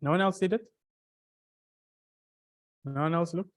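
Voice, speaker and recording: A teacher lecturing a class on grammar, with a medium-pitched voice that sits right in the middle of the range. They keep turning to the students with questions and restart their phrases as they go. Now and then they rattle off short Arabic verses quickly before slowing back down to explain.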